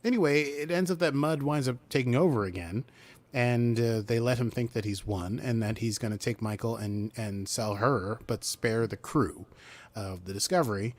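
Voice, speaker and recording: A man's voice: mid-range voice, normal speed. Man casually recapping a TV episode. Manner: animated, acts out character lines while recapping. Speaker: podcast co-host.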